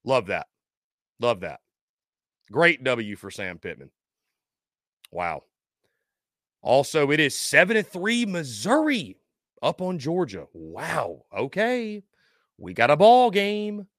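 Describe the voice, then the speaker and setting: Animated, sharp-voiced call-in show host. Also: male voice, mid-range voice, slow, pauses often, dry recording, clean studio sound. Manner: blunt, heckling, sarcastic. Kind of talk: casual sports call-in talk.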